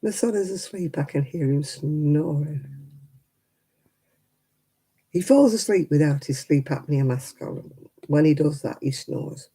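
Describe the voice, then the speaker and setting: Older woman, dark and mellow tone, gravelly voice, casual indignant chat. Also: deep voice, measured pace, long pauses, poor audio. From United Kingdom. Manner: chatty, indignant ranting with many fillers. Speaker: craft livestream host. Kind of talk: casual chat while crafting.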